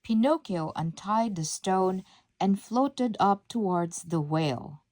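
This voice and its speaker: A woman narrating a children's storybook aloud in a measured, expressive reading. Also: mid-range voice, no room sound. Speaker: storybook reader.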